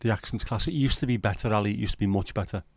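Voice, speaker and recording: Here a middle-aged livestream host talks very fast in a low, gravelly voice, bantering with his chat from home late at night. He rambles and swears freely, and there's no room sound on the recording.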